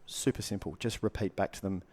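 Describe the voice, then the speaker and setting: Earnest low-voiced man coaching. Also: steady tone, brisk, darkish tone. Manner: earnest, repetitive advice with short punchy phrases. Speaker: guest coach. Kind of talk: casual podcast conversation.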